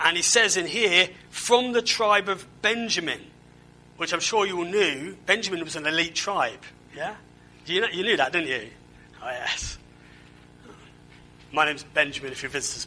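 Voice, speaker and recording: Bright-voiced man preaching a sermon. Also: high voice, slight background noise, rough recording. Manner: conversational preaching with rhetorical questions and repeated words. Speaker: pastor.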